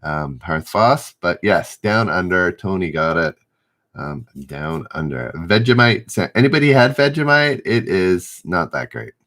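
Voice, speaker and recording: A man's voice: sits low, sing-song, a little slow, a bit bright. A middle-aged man hosting a live-stream trivia game, reading questions aloud, stumbling and rereading, and chatting with viewers. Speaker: trivia host.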